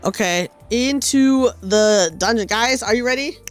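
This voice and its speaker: A woman streaming a game, chatting casually with her viewers in a bubbly, excitable, giggly way. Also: fairly high pitch, unhurried. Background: faint game music.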